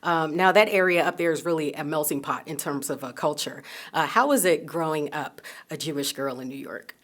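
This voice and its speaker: Female news interviewer, slightly low voice, easy conversational studio manner. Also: brisk. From Jersey City. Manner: conversational, with short affirmations and fillers. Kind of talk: broadcast interview.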